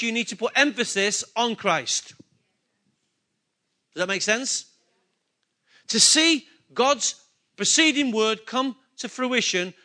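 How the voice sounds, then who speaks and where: Bright high-voiced male preacher. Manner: conversational, asks the congregation questions. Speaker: pastor. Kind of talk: sermon.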